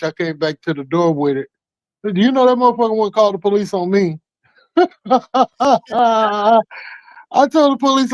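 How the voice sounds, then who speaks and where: A man calls in to a morning talk show and rambles through a story, cursing constantly and getting worked up as he goes. His voice sits fairly high for a man, and the recording is dry and close. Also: normal speed, dry recording, poor audio. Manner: profane, heated rambling storyteller. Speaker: caller telling a story. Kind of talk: casual call-in chat.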